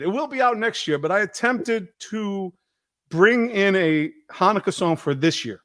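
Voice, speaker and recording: A man hosting a live stream, telling stories in a casual, profane, animated way. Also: sits high, moderate pace, no echo, studio quality. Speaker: host.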